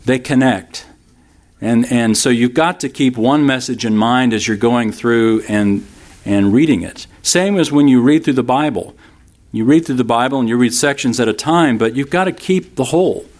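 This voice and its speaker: A pastor in his fifties preaching in a conversational, storytelling way. His voice sits at an ordinary middle pitch for a man. He mixes light humor with scripture teaching. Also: moderate pace, a little mellow. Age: 50s. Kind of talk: sermon.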